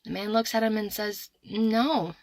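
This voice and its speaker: Woman, joke teller, playful and sassy, bright tone, dry close sound. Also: on the high side, animated, fairly quick, no echo. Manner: playful, sassy delivery with voiced characters. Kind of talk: telling a dirty joke.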